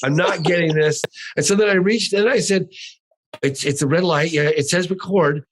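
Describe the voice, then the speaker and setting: A man's voice: high voice, normal speed, a little hiss or hum, poor audio. Emphatic storytelling man. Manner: earnest, emphatic, insists he is telling the truth. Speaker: guest, documentary filmmaker. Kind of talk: animated storytelling.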